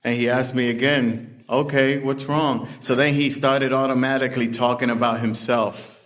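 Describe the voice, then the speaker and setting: A middle-aged man speaking at a recovery meeting, giving personal testimony in an unhurried, plain-spoken storytelling way with many pauses. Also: medium pitch, fairly even intonation, a bit bright. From Puerto Rican family background.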